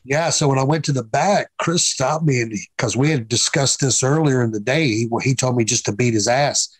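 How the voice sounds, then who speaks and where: A man's voice: medium pitch, a little fast, husky, no room sound, rough recording. A man in his fifties, a guest in a casual interview, telling stories bluntly with profanity and acting out quoted dialogue. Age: 50s. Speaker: guest, former pro wrestler.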